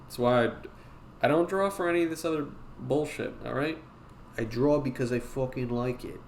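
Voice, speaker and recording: A man's voice: mid-range voice, normal speed, slight background noise. A man hosting a live drawing class on his stream, rambling, swearing casually and encouraging his viewers.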